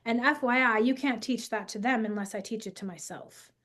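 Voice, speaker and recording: A woman in her forties with a slightly high voice, talking as a podcast guest. She speaks in an energetic, emphatic way, as if coaching parents. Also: a little fast. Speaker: guest, school founder. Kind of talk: podcast conversation.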